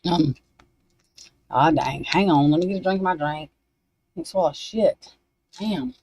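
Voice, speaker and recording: A woman with a deep, darkish, breathy voice reads spiritual cards unhurriedly on a casual livestream. She's scattered, talks to herself, and swears under her breath, all picked up roughly by a desk microphone.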